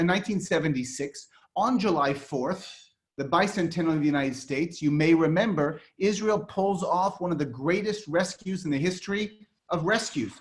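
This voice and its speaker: Male lecturer, slightly high voice, emphatic storyteller on a video call. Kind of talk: online history lecture.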